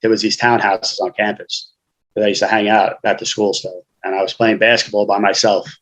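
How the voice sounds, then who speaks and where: A man's voice: on the low side, flat delivery, brisk, a bit bright, low-quality recording. A man, a guest author telling his life story frankly in casual conversation, often saying "you know".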